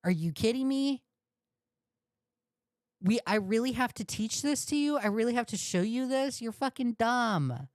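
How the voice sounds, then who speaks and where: A woman's voice: on the high side, animated, normal speed, hardly any pauses, no echo, studio quality. A woman host ranting on a commentary livestream, profane and indignant, repeating insults. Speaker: commentary streamer.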